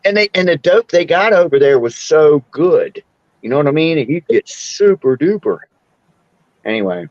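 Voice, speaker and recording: A man's voice: a little high, expressive, moderate pace, a little mellow, no room sound, muffled recording. A man in his sixties, hosting a casual chat and telling rambling stories with frequent laughs. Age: 60s. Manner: rambling storyteller, laughs often. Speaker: podcast host.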